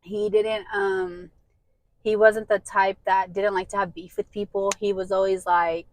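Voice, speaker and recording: A woman in her thirties being interviewed, speaking haltingly with many fillers and an emotional tone. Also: medium pitch, flat delivery, rough recording. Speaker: interview guest. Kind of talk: casual interview.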